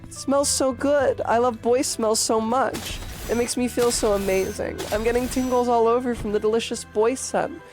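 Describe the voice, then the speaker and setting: A woman's voice: fairly high pitch, fairly even intonation, normal speed, over music, voice pushed up, close to an everyday voice. A woman voicing a swooning, boy-crazy young woman in a breathless, gushing, over-the-top way. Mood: giddy swooning.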